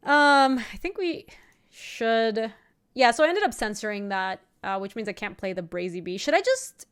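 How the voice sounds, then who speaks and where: A young woman streamer chatting casually while playing a card game, telling an animated story with laughing asides. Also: fairly high pitch, normal speed, clean tone. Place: home streaming setup.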